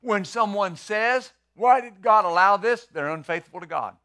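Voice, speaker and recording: A man's voice: high-pitched, expressive, moderate pace, pushed and bright. A middle-aged man pastor preaching a sermon in a conversational way, full of rhetorical questions and repeated words.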